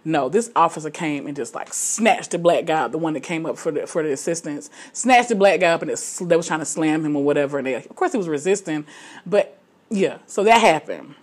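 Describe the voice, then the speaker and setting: A woman's voice: low voice, expressive, a little fast. A woman co-hosting a casual chat, frank and opinionated, telling stories with plenty of restarts.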